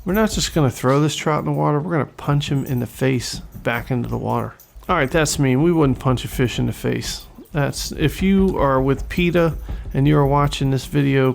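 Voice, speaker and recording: Excitable man commentating a fishing game. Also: medium pitch, vocal fry, slight background noise. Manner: excitable, swears when frustrated, jokey. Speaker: gaming channel host. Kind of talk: casual gameplay commentary.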